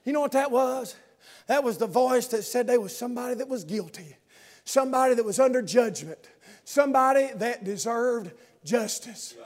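High-voiced man preaching a fervent sermon. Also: moderate pace. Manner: impassioned, builds from soft talk to fervent shouting cadence.

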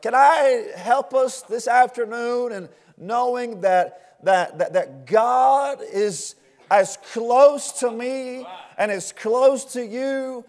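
A man preaching an impassioned sermon to a responding congregation, repeating words in rhythmic bursts that build to shouts. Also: very high voice, takes it slowly. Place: church sanctuary with long reverb. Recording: reverberant church hall.

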